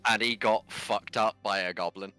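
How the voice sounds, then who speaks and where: A man's voice: fairly low pitch, steady tone, moderate pace, bright, forceful tone, clean tone, soft background music. A man playing a tabletop game on a stream, brash and swearing as he jokes with the table. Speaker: player. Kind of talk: casual tabletop game chat.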